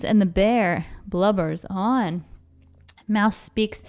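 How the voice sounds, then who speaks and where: A woman reading a children's picture book aloud in a rhythmic, expressive way. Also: medium pitch, takes it slowly, smooth. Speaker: storybook reader.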